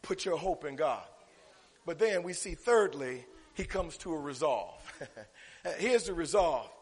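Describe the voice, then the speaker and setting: A man preaching a sermon, calling out to the congregation and building up to shouts. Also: on the high side, expressive, a little slow, husky. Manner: call-and-response preaching, rising to shouts. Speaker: pastor. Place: church sanctuary. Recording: long reverb of a church hall.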